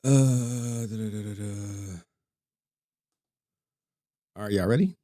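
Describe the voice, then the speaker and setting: A man's voice: on the low side, slow, dark tone. A man chatting casually as a streamer, laid-back and talkative while reacting to a video.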